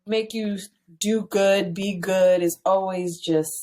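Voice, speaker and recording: A woman co-hosting a podcast in casual chat, animated and teasing, slowing down to stress a point. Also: mid-range voice. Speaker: podcast co-host.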